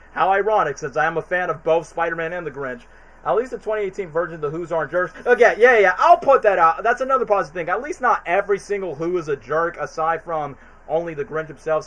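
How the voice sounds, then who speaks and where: A young man talks on a stream in a loose, opinionated way, drifting through fillers and restarts. His speaking voice sits a little high for a man. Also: a bit bright, poor audio. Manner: rambling, chatty, frequent fillers and restarts. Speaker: streamer ranking movies. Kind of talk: casual opinionated commentary stream.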